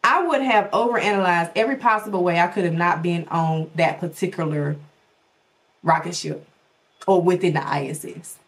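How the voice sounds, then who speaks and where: A woman hosting her own show, talking casually and animatedly straight to her viewers, swooping her pitch for emphasis. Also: moderate pace. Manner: animated, folksy, talks straight to her audience. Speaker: podcast host.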